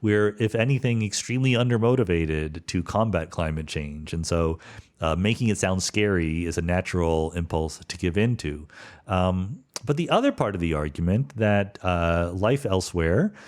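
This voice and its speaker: A man's voice: sits low, lively intonation, moderate pace, a little mellow. A middle-aged man from suburban Philadelphia hosting a solo podcast, answering listener questions in a thoughtful, rambling way with fillers and self-corrections.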